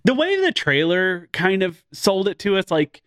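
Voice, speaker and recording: A man's voice: high-pitched, sing-song, measured pace, a bit bright, smooth, dry recording, clean studio sound. A man chatting casually about a movie, rambling with lots of filler and laughing often. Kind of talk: casual movie review chat.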